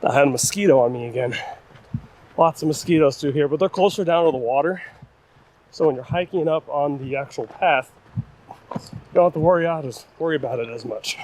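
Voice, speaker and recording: A man's voice: a little high, brisk, pauses often, darkish tone. Breathless young man vlogging a windy hike. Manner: chatty, self-deprecating, talks to viewers while walking. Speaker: hiking vlogger. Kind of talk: casual vlog narration while hiking. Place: rocky mountain trail outdoors, windy. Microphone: camera-mounted shotgun mic. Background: wind.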